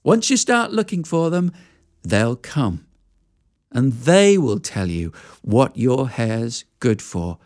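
A woman playing a calm magical mentor. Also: extremely low pitch, voice pushed down, exaggerated voice. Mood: reassuring. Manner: gentle, slow reassurance.

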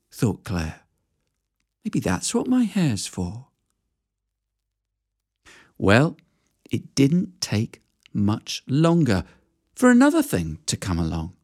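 Animated woman telling a fairy tale. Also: on the low side, slightly rough. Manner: animated, conversational telling with asides. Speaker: storyteller. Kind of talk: oral fairy-tale storytelling.

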